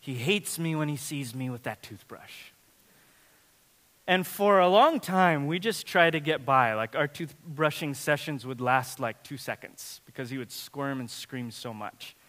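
A man in his thirties preaching a sermon as a dad telling family stories, animated and swinging from loud to hushed. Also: mid-range voice, measured pace. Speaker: pastor. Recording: long hall reverb.

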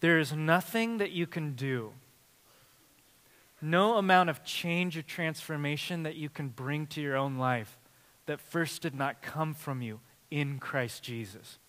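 Bright-voiced preaching man in a reverberant hall. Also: on the high side, a little slow. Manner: animated preaching, swinging from loud emphasis to quiet intimacy. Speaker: pastor. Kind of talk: sermon.

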